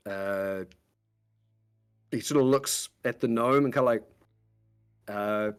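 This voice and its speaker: A man's voice: mid-range voice, slow, long pauses, clear, resonant tone. Man narrating as game master. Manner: meandering, descriptive.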